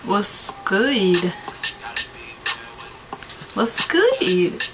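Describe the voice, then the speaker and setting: A woman's voice: medium pitch, very animated, drawn-out words, very noisy. A young woman from Georgia, chatting nervously and giggling as she talks to strangers on phone video calls. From Georgia, USA. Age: young adult. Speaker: vlogger. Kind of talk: casual vlog chat with strangers on video calls. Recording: roomy sound under loud background music.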